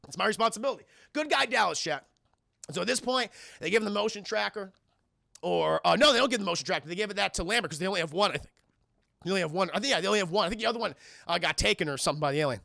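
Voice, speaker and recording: A man streams a casual film breakdown, talking straight to his chat in an excitable, profane rush. His voice sits high and heavy with fry, with a bright, forceful edge. The sound is close and dry. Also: racing, no echo. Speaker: film reviewer streaming live. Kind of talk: casual spoiler retelling to a live chat.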